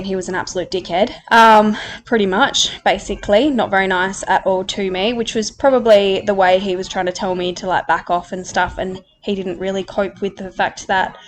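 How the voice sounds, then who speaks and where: A woman in her late twenties hosting a podcast, telling a personal story candidly and emotionally, with many fillers and frequent swearing. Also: mid-range voice. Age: 20s. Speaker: podcast host.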